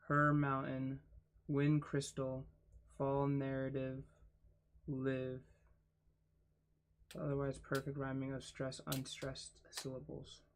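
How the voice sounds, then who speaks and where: A man reading a book aloud for his channel, spelling out words letter by letter and adding quiet asides. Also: mid-range voice. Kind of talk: casual read-aloud.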